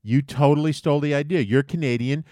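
A man's voice: fairly high pitch, fast, dark tone, dry recording. Man rambling profanely in a dry close sound. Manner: profane, rambling, with frequent filler restarts. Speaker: podcast co-host. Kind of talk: casual chat.

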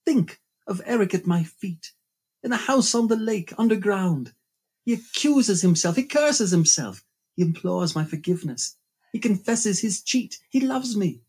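A woman's voice: mid-range voice, lively intonation, measured pace, darkish tone, breathy edge. A man voicing a young woman in an audiobook, speaking of her captor with earnest, rising passion. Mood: impassioned. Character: young woman, frightened yet devoted. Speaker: audiobook character voice.

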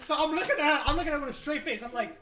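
A man's voice: very high-pitched, rapid-fire, a loud crowd. A man, a guest rapper, telling a story in casual chat, laughing and repeating himself as he talks.

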